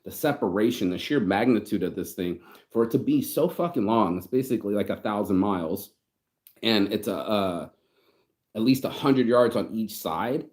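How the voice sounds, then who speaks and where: A man's voice: lowish voice, normal speed. Slangy storytelling American man. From United States. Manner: animated slangy storytelling, acts out quoted voices. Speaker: vlogger. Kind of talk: casual storytelling vlog.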